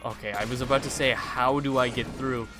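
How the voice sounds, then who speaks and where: A talkative man in the middle of his voice range, chatting freely as he plays through a video game and narrating each move. Clear game music and gunfire play behind him. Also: medium pitch, steady tone, a little fast. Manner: chatty, rambling talker. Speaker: let's play host. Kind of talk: live gameplay commentary.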